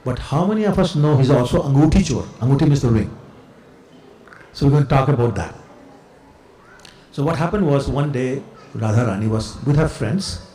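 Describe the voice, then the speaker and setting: A man's voice: medium pitch, expressive, moderate pace, pauses often, warm tone, low-quality recording. A man giving a devotional sermon, telling stories in a conversational, self-correcting way. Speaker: temple speaker.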